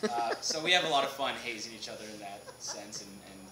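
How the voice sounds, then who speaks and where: A man being interviewed as an actor on a film set, animated, laughing often and restarting sentences. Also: medium pitch, fast talker. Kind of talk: casual interview chat. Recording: echoey noisy room.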